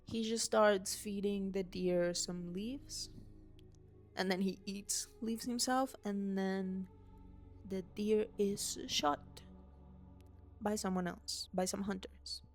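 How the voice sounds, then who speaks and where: A woman's voice: mid-range voice, steady tone, slow. A young woman with a mid-range voice gushes through an unscripted rant, tumbling from one thought to the next and cursing casually. She talks into a handheld mic that she swings around at home, with faint music underneath. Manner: gushing, rambling, swears casually. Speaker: vlogger. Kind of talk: unscripted excited movie rant. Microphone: handheld mic waved around.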